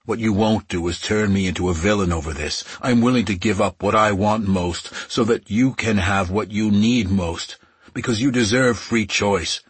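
A man voicing an intense, possessive immortal male warrior who pleads insistently, in a husky voice. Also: on the low side, moderate pace, dry recording.

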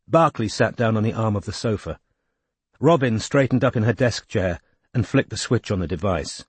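A man narrating an audiobook in a measured, even reading. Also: on the low side, husky, dry recording. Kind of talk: scripted narration.

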